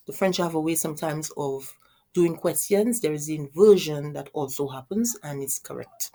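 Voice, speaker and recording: A woman teaching a beginner French lesson, saying French phrases slowly and repeating them, then explaining each in English. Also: on the low side, lively intonation, dark tone. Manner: repeats words and restarts often. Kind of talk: language lesson.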